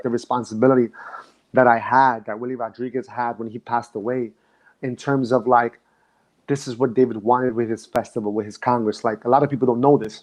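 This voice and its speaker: This guest, a man who works as a dance instructor, recalls his earlier life emotionally in casual conversation, often beginning sentences again. He has a mid-range, slightly mellow voice.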